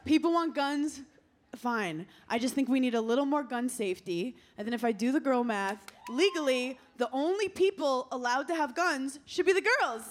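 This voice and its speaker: A woman's voice: high voice, expressive, moderate pace. A young woman doing a stand-up comedy set, brash and playful, laughing through her punchlines. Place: comedy stage before a live audience. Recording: loud live crowd and noise.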